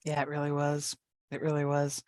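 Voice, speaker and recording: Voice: mid-range voice, monotone, normal speed, a little mellow, clean tone, no echo, studio quality. A podcast host in casual chat, reacting to a guest's stories with enthusiastic admiration.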